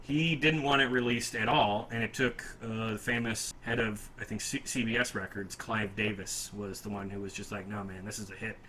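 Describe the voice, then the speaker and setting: A man's voice: fairly low pitch, fairly even intonation, normal speed, hardly any pauses, bright, forceful tone, slight background noise, rough recording. A man hosting a casual music podcast, talking in a rambling, enthusiastic and self-deprecating way. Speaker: podcast host.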